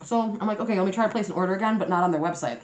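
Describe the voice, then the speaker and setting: A young woman vlogger chatting casually to her viewers, telling a story in a lively, animated way and swearing freely. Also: medium pitch, racing. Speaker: mukbang vlogger. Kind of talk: casual storytime chat to camera. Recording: roomy echoey room.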